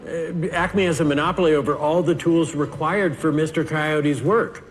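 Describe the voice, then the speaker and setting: A man playing a weary, deadpan small-time lawyer. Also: on the high side, normal speed, slight background noise, pitched above the performer's own voice, close to an everyday voice. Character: down-on-his-luck male attorney, weary. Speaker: lawyer in court. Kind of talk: comedy film acting. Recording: reverberant film audio with music underneath.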